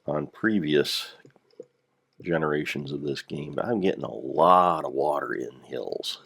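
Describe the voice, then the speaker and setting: An older man with a gravelly voice, rambling through casual gameplay commentary with dry dad jokes. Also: very deep voice, a little slow, fairly bright tone. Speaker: Minecraft let's player.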